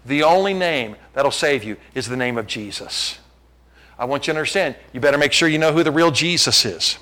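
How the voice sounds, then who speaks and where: A man in his fifties preaching a sermon as pastor, fervent and emphatic, swinging from loud climaxes to quiet prayer. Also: medium pitch, animated, normal speed.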